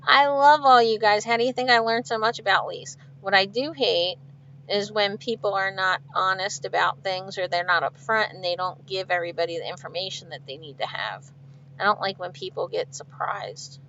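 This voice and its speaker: A woman's voice: mid-range voice, moderate pace, a bit bright, lo-fi sound. A woman truck driver chatting casually on a live stream from her truck cab, laughing often and reading viewer comments aloud. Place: inside a truck cab with refrigeration unit running. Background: refrigeration unit hum.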